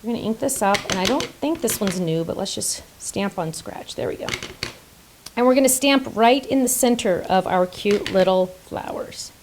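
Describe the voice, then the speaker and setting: A woman's voice: mid-range voice, lively intonation, normal speed, darkish tone, slight background noise, low-quality recording. A woman hosting a casual card-making tutorial, chatty and playful, making silly sound effects and joking about herself. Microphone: top-down camera setup.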